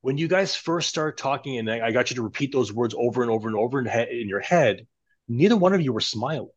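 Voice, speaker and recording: A man on a podcast, guiding his hosts through a self-talk exercise in an animated, instructive way. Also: medium pitch, quick pace, highs cut off. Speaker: coach guest on podcast. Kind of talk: conversational coaching demonstration.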